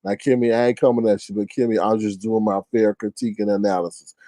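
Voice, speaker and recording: A man giving casual commentary in an animated, slangy way, repeating phrases for emphasis. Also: lowish voice, fast talker, dry recording.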